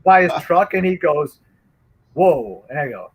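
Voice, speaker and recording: Husky man telling a story. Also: a little high, fairly quick, poor audio. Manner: animated storyteller, acts out quotes. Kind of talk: casual chat.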